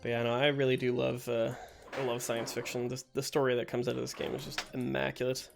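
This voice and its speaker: A man of middling pitch chats loosely while he plays, cracking jokes and laughing at his own mistakes. He talks into a desk mic over game music and bursts of gunfire. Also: little pitch movement, quick pace, vocal fry. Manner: chatty, joking, laughs often at himself. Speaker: gameplay streamer. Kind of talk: casual let's-play commentary.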